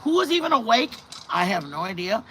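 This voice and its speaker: A woman's voice: fairly high pitch, a little fast. Middle-aged female vlog host, chatty and rambling, faint hum behind her. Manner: rambling, animated, bursts of loud laughter. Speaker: channel host. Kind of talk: casual live-stream chat.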